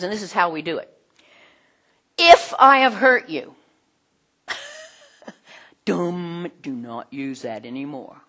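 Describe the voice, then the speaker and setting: A middle-aged woman teaching a group in a conversational way, animated, with many fillers. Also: on the low side, breathy edge. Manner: animated, acts out quoted voices, frequent fillers.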